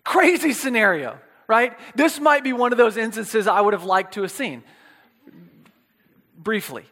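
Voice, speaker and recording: A man preaches a chatty sermon in an expressive, high-pitched voice with a sharp tone, speaking a little slowly. He often checks in with listeners, restarts his words and adds playful asides, while the hall's long reverb trails behind.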